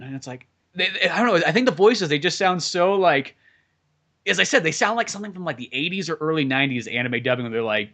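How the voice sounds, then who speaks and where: A man's voice: fairly high pitch, fast talker. A man talking casually as a podcast host, swearing a lot and riffing with mocking asides. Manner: profane, animated, mocking impressions. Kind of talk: casual chat.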